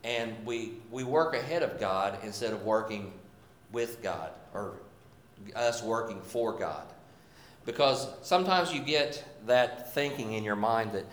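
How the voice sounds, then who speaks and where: A man's voice: mid-range voice, expressive, unhurried, roomy sound. A man preaching a sermon, reading scripture and then talking in a folksy, self-deprecating way with many restarts.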